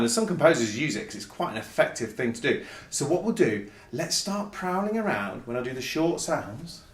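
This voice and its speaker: Lively man teaching kids in an echoey room. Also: a little high. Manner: cheerful, playful, speaks directly to young kids with questions. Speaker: music teacher for children. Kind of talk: children's music lesson. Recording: echoey room, mic at a distance.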